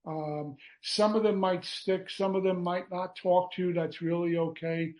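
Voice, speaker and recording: A man shares at a recovery meeting, his voice set slightly high. He meanders through thoughts with plenty of fillers. Light self-mocking humour runs through it. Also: a little slow, poor audio. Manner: relaxed, rambling with fillers and self-mocking jokes. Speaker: guest speaker.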